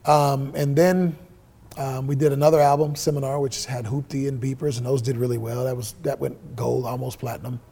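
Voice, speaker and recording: A middle-aged musician guest speaks at medium pitch, fairly quickly, with a slightly rough voice. In this casual interview he tells stories, swears freely, and acts out quoted dialogue.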